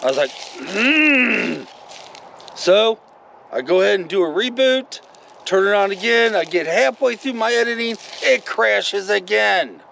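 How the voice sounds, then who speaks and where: A man with a high voice, rambling through a casual vlog story and talking straight to his viewers. His pitch jumps all over the place, with a gravelly rasp underneath and a faint hiss behind him. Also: normal speed, poor audio. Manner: rambling and animated, many asides to viewers. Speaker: vlogger.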